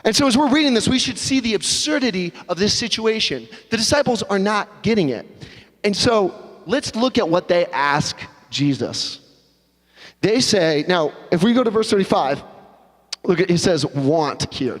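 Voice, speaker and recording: A man preaching a sermon as pastor, in a conversational, animated storytelling manner. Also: sits high, moderate pace. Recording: long hall reverb.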